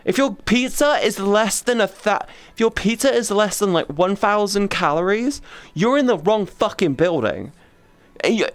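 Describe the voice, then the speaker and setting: A woman streamer in casual chat who rants loudly and swears constantly. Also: medium pitch. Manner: loud, profane, ranting. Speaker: VTuber streamer.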